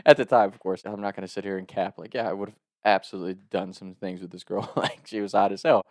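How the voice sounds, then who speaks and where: A man telling a funny personal story in a casual, animated way, laughing often and swearing freely. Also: sits low, a little fast, no room sound, clean studio sound.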